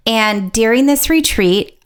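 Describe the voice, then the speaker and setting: A woman co-hosting a podcast in casual chat, animated and emotional, laughing as she talks. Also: fairly high pitch, slow, clean tone. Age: young adult or middle-aged, a mother. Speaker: podcast co-host.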